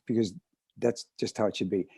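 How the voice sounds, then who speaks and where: A man answering a panel question earnestly and deliberately, with some hesitations. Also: fairly low pitch, steady tone, creaky, dark tone, husky, dry recording. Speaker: actor panelist.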